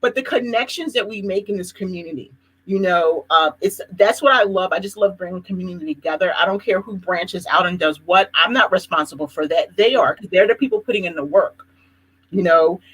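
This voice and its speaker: Husky Philly woman telling stories. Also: lowish voice, fairly quick, poor audio. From Philadelphia. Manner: animated storytelling, laughs often. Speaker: host. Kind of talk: casual live chat.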